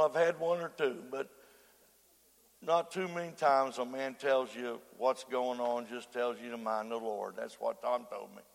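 An older man, preaching a sermon that moves from soft prayer to shouted preaching. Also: mid-range voice, creaky. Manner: prays softly, then preaches in rising shouts. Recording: echoey hall with long reverb.

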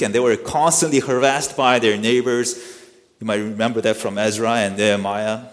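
A man preaching an expository sermon, explaining a scripture passage in an earnest teaching manner and asking rhetorical questions. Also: medium pitch. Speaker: pastor. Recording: long hall reverb.

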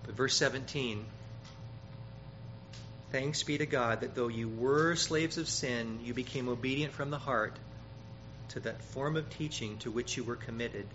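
A man preaching a sermon, emphatic, growing loud when he quotes scripture and often repeating words. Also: mid-range voice, a little slow. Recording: dull, slightly noisy sermon recording.

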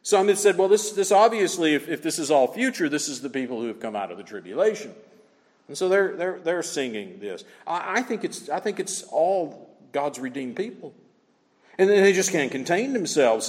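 A man preaching an expository sermon, emphatic and animated, rising to shouts of praise. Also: a little high, normal speed. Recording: long reverb of a large hall.

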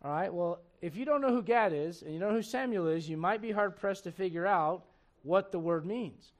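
A man with a high-pitched voice preaching a midweek Bible study sermon. He reads scripture aloud and climbs in pitch and volume when he drives a point home. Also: fairly quick. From raised in a Spanish-speaking home. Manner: animated, rising and loud on emphatic points, reads scripture aloud. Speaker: pastor.

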